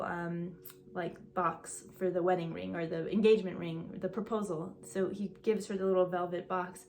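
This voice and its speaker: A woman talking casually to her viewers in a vlog. She often restarts her sentences and fills gaps with um and like, and she gets a little out of breath when she is excited. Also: on the low side. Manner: chatty, restarts sentences, says um and like. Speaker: video creator.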